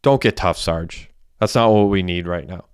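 A man's voice: sits low, normal speed, smooth, no echo, studio quality, lightly acted. A man voicing a volatile young man who has just killed someone, in lightly acted audiobook dialogue. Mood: scornful. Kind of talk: audiobook character voice.

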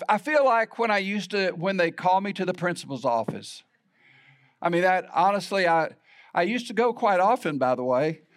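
A middle-aged man preaching a sermon in a conversational, storytelling way with self-deprecating humor. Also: mid-range voice. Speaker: pastor.

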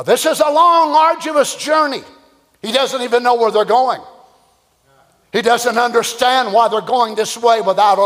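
High-voiced preacher in a reverberant hall. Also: male voice. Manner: dramatic preaching, dropping to hushed tones for quoted words. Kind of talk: sermon.

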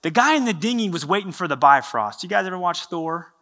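A male pastor giving a sermon, telling a story in an animated, conversational way. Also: high voice, fairly quick.

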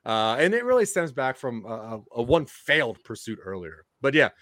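Lively, bright-voiced man clowning through a presentation. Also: medium pitch, moderate pace, dry recording, studio quality. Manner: playful, mock-villainous, slipping in and out of a put-on accent. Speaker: comedy panelist giving a mock presentation. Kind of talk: improvised comedic presentation.

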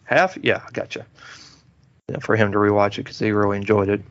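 A podcast host talks a little fast in a voice on the low side, casually chatting through a movie review. His manner is relaxed and rambling, thick with fillers and restarts. The dull, lo-fi, dry recording has no echo.

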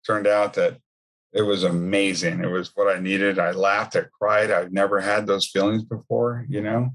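A man with a low, husky voice tells his faith testimony. He talks in a loose, conversational way and keeps adding asides. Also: little pitch movement, moderate pace, a bit bright. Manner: conversational storytelling with many asides. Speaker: speaker sharing his testimony.

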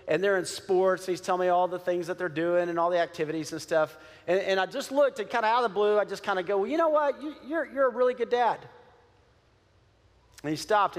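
A man, a pastor, preaching a sermon in a conversational, animated way with many fillers and restarts. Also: high voice, in a large hall. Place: church sanctuary.

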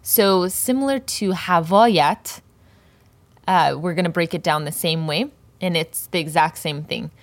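A woman with a fairly low voice teaches a language lesson on poetry. She goes slowly and carefully, repeating each word so learners can follow. The sound is dry and close, with little room. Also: no echo.

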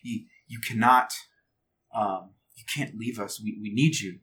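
A man's voice: fairly low pitch, a little slow, fairly bright tone. A man voicing a young woman who pleads, stammering, with her dying master. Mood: pleading. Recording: distant mic, faint background noise.

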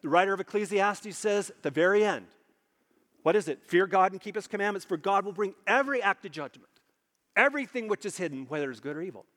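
A man preaching a sermon, emphatic, repeating phrases for stress and slowing low on key points. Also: expressive, fairly bright tone, big-room sound.

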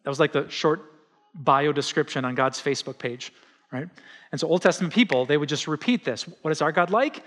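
Middle-aged male pastor, conversational sermon delivery, slightly high voice, long hall reverb. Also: a little fast. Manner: animated, conversational preaching with acted-out quotes.

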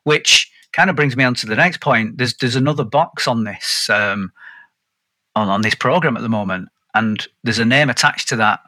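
A man hosts a casual podcast chat. He sounds upbeat and a bit rambling, restarting his sentences. His tone is very bright and the sound is dry. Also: medium pitch, normal speed, dry recording. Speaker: podcast host.

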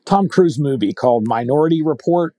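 Podcast host guy, kinda high voice but warm, rambles and restarts a lot. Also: expressive, brisk, no echo, clean studio sound. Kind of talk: conversational interview.

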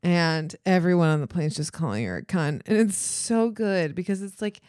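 An American woman co-hosting a casual podcast, bantering playfully with crude jokes and quick laughs. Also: lowish voice, lively intonation, a little mellow, no echo, clean studio sound. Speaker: podcast co-host.

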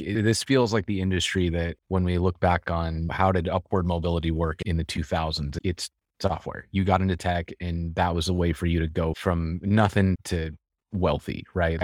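A man speaking as a podcast guest, thinking aloud in a relaxed conversational way and often restarting his sentences. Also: low voice, no room sound, clean studio sound. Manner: reflective storyteller with frequent restarts. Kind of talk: conversational interview.

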